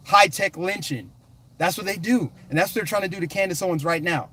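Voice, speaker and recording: Fired-up, high-voiced male political ranter. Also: fast talker, pushed and bright, no room sound. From United States. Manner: emphatic, combative, repetitive, punchy. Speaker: political commentary vlogger. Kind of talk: fired-up ranting commentary.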